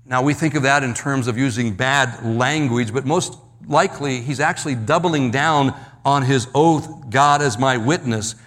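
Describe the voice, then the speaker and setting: A man preaching a verse-by-verse sermon, slowing down and dropping his voice low to stress key words, often repeating himself. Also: fairly bright tone. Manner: slows and drops low for emphasis, repeats words. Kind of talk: expository sermon.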